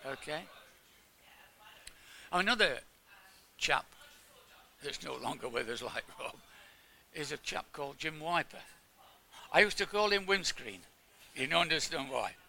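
A man's voice: a little high, creaky, sharp tone, slight background noise. An older man from England giving an informal sermon, chatting with his congregation and asking them questions. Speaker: preacher.

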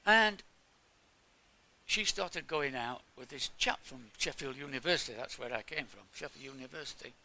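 A man's voice: mid-range voice, normal speed, vocal fry, pushed and bright. An older man from England giving an informal sermon, chatting with his congregation and asking them questions. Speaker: preacher.

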